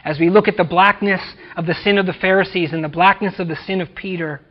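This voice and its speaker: A man with a high voice preaches a sermon, pressing hard on key words and falling away to near-hush at phrase ends. The recording sounds muffled and lo-fi, as from a church. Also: steady tone, fast talker. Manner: emphatic preaching, rising and dropping to near-whisper. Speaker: pastor.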